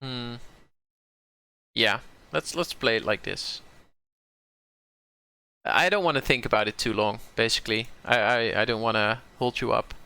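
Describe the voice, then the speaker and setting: Creaky, bright-voiced Dutch man. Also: mid-range voice, unhurried, long pauses. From southern Netherlands. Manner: musing, self-correcting, repeats words. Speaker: game streamer. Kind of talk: thinking aloud while playing a card game.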